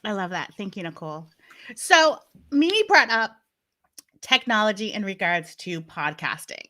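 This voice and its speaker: A woman from Massachusetts with a Boston accent, moderating a virtual panel discussion in an emphatic, animated, playful way over a video call. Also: medium pitch, moderate pace.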